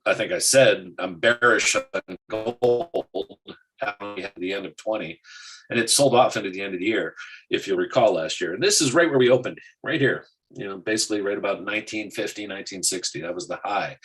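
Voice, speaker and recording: A man's voice: fairly low pitch, animated, fairly quick, fairly bright tone, soft background music, poor audio. A man co-hosting a casual market show, rambling with many restarts and fillers. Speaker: co-host.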